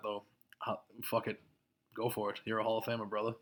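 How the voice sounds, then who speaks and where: A man with a lowish voice rants on his podcast. He swears freely and laughs at his own lines as he gets worked up. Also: monotone, brisk, fairly bright tone. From Massachusetts. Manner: profane, laughing, worked-up ranting. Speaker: podcast host. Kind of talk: casual ranting podcast monologue.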